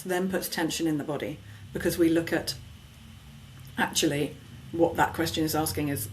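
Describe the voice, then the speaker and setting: A woman, a vocal coach, talking in a podcast conversation, expressive and emphatic as she acts out questions people ask themselves. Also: deep voice, normal speed, a little hiss or hum. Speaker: vocal coach and sound healer.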